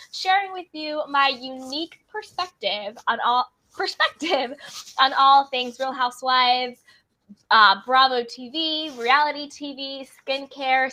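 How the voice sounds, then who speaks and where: Bubbly high-voiced woman hosting a livestream. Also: bright, forceful tone. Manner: bubbly, greets viewers by name. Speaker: livestream host. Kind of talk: casual live-stream chat.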